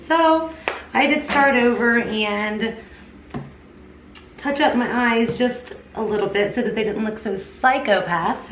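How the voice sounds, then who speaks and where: A woman's voice: medium pitch, creaky, fairly bright tone, distant mic. A young woman casually reviewing makeup for her channel, chatty and enthusiastic, talking straight to her viewers. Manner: chatty, enthusiastic, addresses viewers as "you guys". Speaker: beauty vlogger. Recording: echoey room, voice a little off-mic, faint hiss.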